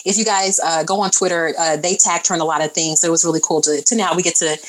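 Lower-pitched chatty woman in her forties. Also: fairly even intonation, quick pace, low-quality recording. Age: 40s. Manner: chatty, playful, acts out quotes. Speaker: podcast co-host. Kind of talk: casual recap chat.

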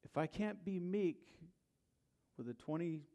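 Middle-aged pastor telling a story. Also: male voice, high voice, animated, measured pace. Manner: conversational storyteller, swings from quiet asides to loud bursts. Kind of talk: sermon with personal storytelling. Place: church.

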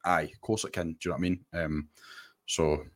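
A man's voice: low voice, little pitch movement, fairly quick. A Scottish man co-hosting a football podcast, talking in a laid-back, joking way. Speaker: podcast co-host. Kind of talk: casual football podcast chat.

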